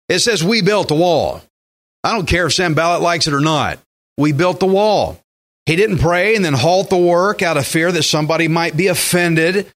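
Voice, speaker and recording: A pastor with a voice on the high side preaches at a moderate pace. He is animated, acting out the voices of the people he quotes.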